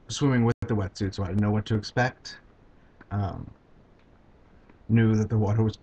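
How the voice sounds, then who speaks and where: A man vlogging about his own experience, talking in a halting, hesitant way with many pauses and restarts. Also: fairly low pitch, dark tone, slightly rough. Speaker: video blogger. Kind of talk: casual personal recount. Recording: dull lo-fi home video sound.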